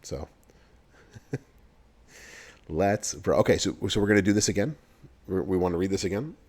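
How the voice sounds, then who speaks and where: A young man with a low, mellow voice hosts a game livestream in a relaxed, chatty way. He laughs easily and talks straight to his viewers as if answering their messages. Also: moderate pace, husky. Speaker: livestream host for a mobile game. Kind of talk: casual livestream chat, reading game news to chat.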